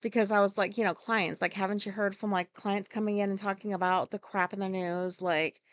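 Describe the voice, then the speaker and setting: A woman's voice: mid-range voice, steady tone, fairly quick, dry recording. Frank, profane woman recorded dry. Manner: frank and profane, rambling with many asides. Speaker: podcast host. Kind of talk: candid personal storytelling monologue.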